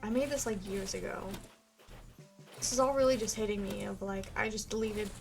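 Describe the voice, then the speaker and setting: A woman's voice: mid-range voice, brisk, creaky, music in the background. A woman in her twenties, a game streamer chatting casually with her live viewers in a rambling way, full of "like" fillers.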